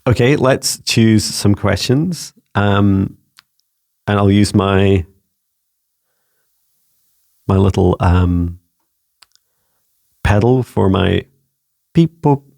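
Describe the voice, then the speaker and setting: A man's voice: fairly low pitch, fairly even intonation, drawn-out words, creaky, pauses often. A man and psychic mentor answering viewer questions in a rambling, casual way. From Scotland. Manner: warm-hearted, rambling, frequent restarts and fillers.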